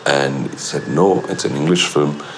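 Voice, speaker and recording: A man's voice: very deep voice, moderate pace, slight background noise. A middle-aged man, a film actor in a documentary interview, telling anecdotes and acting out what others said. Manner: animated storyteller who acts out quoted lines.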